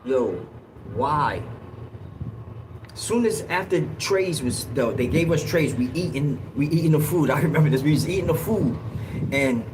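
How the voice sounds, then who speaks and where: A man hosting a livestream, telling a story in a casual, slangy, animated way and acting out what people said. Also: fairly high pitch, background noise. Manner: animated, slangy, acts out quotes in raised yells. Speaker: livestream host.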